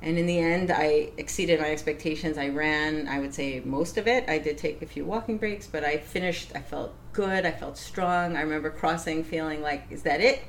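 Woman guest, relaxed storyteller, lower voice, animated and laughing. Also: normal speed, hardly any pauses, a little hiss or hum. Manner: animated, laughs often, acts out quoted voices. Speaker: interview guest. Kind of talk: casual storytelling.

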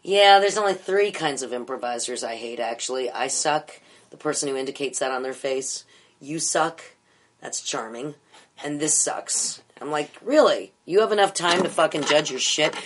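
A woman's voice: low voice, normal speed. Blunt, foul-mouthed woman improv teacher. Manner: blunt, profane, animated. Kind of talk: candid interview chat.

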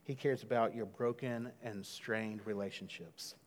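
A man preaching a sermon in a conversational way, dropping to a hush and then rising loud. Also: fairly low pitch, fairly even intonation, unhurried. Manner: conversational, swings from hushed to loud. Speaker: pastor. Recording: long hall reverb.

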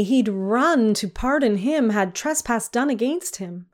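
A woman reads a long narrative poem aloud in measured, archaic verse. Her pace is slow and deliberate. Her voice sits somewhat high. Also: animated. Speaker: reader.

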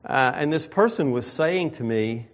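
A man preaching a sermon, reading scripture and slowing down to stress key phrases. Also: medium pitch, lively intonation. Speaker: pastor. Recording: dull lo-fi sound.

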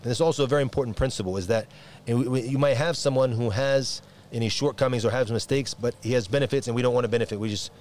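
A man from America, an imam, chatting quickly and animatedly, full of restarts and Arabic phrases. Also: medium pitch, a little mellow. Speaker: imam and preacher. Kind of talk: casual podcast conversation.

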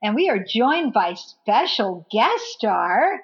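A woman's voice: on the high side, very animated, takes it slowly, muffled recording. A woman co-hosting a podcast in casual chat, giggly and joking. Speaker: podcast co-host.

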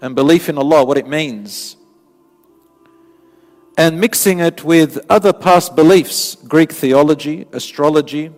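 A man delivering an earnest, emphatic Islamic sermon, repeating phrases for stress. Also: a little high. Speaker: Islamic preacher. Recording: long hall reverb, faint music.

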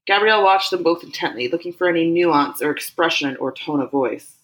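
A woman reading a story aloud as an audiobook narrator, with even, steady storytelling. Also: sits low, fairly quick, poor audio. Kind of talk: scripted narration.

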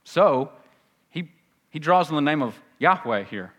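A man preaching a sermon with a Southern US accent. He talks earnestly and conversationally, and his pitch jumps up when he acts out quoted voices. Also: lively intonation, unhurried. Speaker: pastor.

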